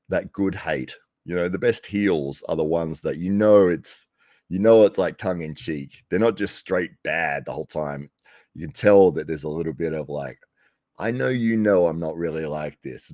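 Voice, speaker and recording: A man's voice: deep voice, a little mellow, no room sound, studio quality. An Australian man hosting a live commentary stream, rambling casually to viewers with frequent laughs and restarts. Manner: rambling, laughs often, self-correcting. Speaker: livestream commentary host. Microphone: desk microphone, no headphones.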